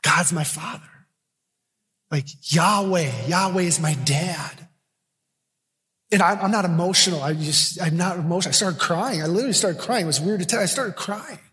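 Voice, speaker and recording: Male pastor, sermon, emphatic then hushed, long church-hall reverb. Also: high-pitched, moderate pace. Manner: swings from loud emphatic preaching to quiet intimate storytelling.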